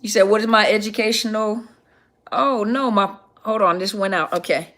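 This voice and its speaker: A woman's voice: mid-range voice, steady tone, normal speed, a bit bright. Chatty woman hosting a live Q&A. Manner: chatty, greets viewers by name, restarts sentences. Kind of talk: casual livestream Q&A, reading viewer comments.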